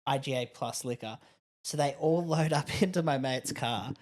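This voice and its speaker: A young Australian man, a comedian guest on a podcast, telling animated anecdotes and acting out the people he quotes. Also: medium pitch, normal speed. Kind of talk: casual chat.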